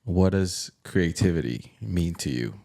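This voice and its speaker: Deep voiced guy w vocal fry hosting a pod, jokey. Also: lively intonation, a little slow, dark tone. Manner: teasing, joking. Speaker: podcast host. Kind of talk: casual podcast chat.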